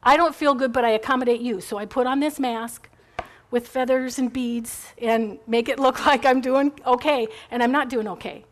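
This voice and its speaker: A woman's voice: fairly high pitch, fairly even intonation, normal speed, slight background noise. A middle-aged woman giving a chatty, rambling faith talk to a group, encouraging and full of asides.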